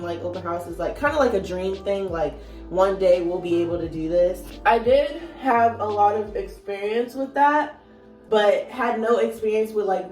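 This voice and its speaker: A woman in her twenties tells a casual story time vlog in a groggy morning voice, filling her talk with "like" and "you know". She is recorded on a phone set back from her in an echoey room, and soft music plays underneath. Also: mid-range voice, distant mic. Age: 20s. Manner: chatty and playful, lots of "like" and "you know". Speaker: vlogger. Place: at home while doing her morning routine. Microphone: phone on a moving gadget.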